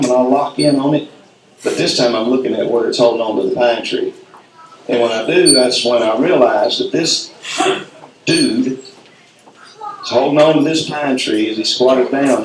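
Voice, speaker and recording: Folksy Southern man telling a story. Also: medium pitch. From North Alabama, USA. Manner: folksy, acts out sounds and quotes. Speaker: speaker at a symposium. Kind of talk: storytelling talk. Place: event hall. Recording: echoey hall, mic at a distance.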